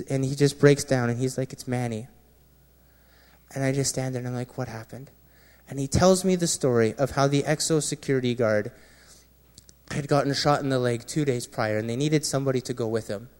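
A man, a former Marine, sharing an earnest personal testimony with a gathering, often dropping quiet and low at painful moments. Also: smooth. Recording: long reverb of a large hall.

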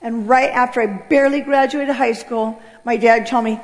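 A woman's voice: a little high, steady tone, moderate pace, hardly any pauses. A middle-aged American woman telling her life story as a personal testimony, earnest and swelling with emotion. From United States. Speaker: speaker giving a testimony. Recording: voice with long hall reverb.

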